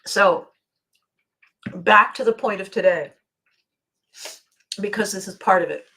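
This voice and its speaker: A woman's voice: mid-range voice, pushed and bright. Older woman host, solo monologue, circles the point, earnest and emotional. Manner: rambling, emotional, with frequent laughs and pauses. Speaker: podcast host. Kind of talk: personal monologue.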